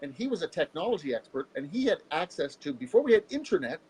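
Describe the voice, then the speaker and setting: A man from Canada talks openly in a relaxed interview, telling stories with lively energy. His voice sits fairly high for a man. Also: fast talker, breathy edge, poor audio. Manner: animated, candid storyteller who jumps into voices. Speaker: guest. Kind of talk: casual interview storytelling.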